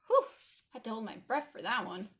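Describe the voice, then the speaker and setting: A woman with a Toronto Canadian accent talks through a drawing tutorial in a casual, chatty way. Her voice sits a little high, and she drops in small apologetic asides as she works. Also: big pitch swings, brisk, fairly bright tone. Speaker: art tutorial host.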